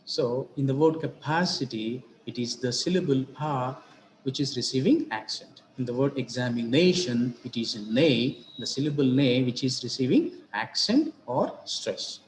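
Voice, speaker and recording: A man giving a grammar lesson as a teacher, explaining each point deliberately, repeating himself and spelling out examples. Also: mid-range voice, animated, slight background noise. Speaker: English teacher. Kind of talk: slow explanatory grammar lecture. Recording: roomy echo with faint ambience.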